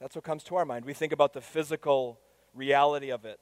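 A man preaching a sermon as pastor, moving between soft, intimate asides and loud, emphatic declarations. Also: mid-range voice, fairly even intonation, fast talker. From United States.

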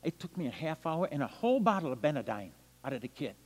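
Telling stories at a quick pace, an elderly high-voiced man preaches a storytelling sermon as a missionary evangelist. He swings animatedly between loud bursts and hushed murmurs, with long reverb suggesting a large hall.

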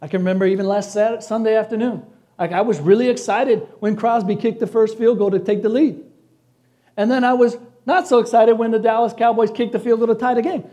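High-voiced, mellow male preacher. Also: steady tone, brisk. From Chicago. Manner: swings between soft hushed passages and loud exclaiming peaks; preacherly, addresses congregation as church. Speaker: pastor. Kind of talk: sermon.

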